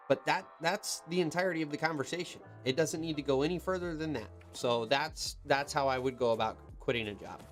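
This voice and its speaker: A chatty working man on a casual live stream, talking from the cab of his machine. He reads viewer comments out loud and answers them off the cuff in an easygoing, mid-pitched voice. Faint music plays behind him. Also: normal speed. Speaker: heavy equipment operator hosting a live Q&A. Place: in an equipment cab.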